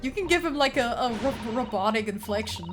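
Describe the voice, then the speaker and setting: A young woman playing a game with friends, chatting casually in a giggly, excitable way. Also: fairly high pitch, fairly quick, soft background music. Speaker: player. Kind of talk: casual let's-play chat.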